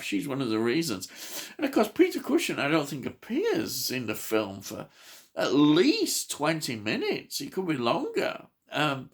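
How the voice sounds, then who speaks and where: Low, creaky male reviewer, unhurried and halting, eager about the film. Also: fairly bright tone. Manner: hesitant, many fillers and restarts; enthusiastic. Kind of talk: casual film review chat.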